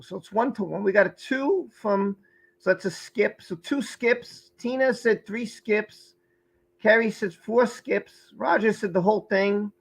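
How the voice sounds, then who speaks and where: Heard through a rough recording, a male streamer with a high, gravelly yet fairly bright voice keeps things casual. He calls out viewers by name from the chat and now and then fumbles the pronunciation.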